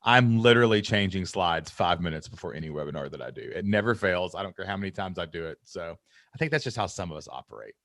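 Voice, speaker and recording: A male podcast host with a bright, forceful voice, talking excitably and rambling through fillers. The sound is dry and close to the mic, with no room around it. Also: sits low, quick pace, dry recording. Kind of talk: casual interview chat.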